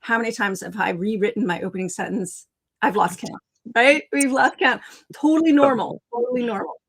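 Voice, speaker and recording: A woman at a mid-range pitch, leading a live online writing lesson. She talks casually and keeps turning to viewers in the chat. The sound comes through a video call microphone. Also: moderate pace, creaky, a bit bright, breathy edge, rough recording. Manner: chatty, addresses viewers in the chat. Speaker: writing coach and live show host. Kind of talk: casual live-stream teaching.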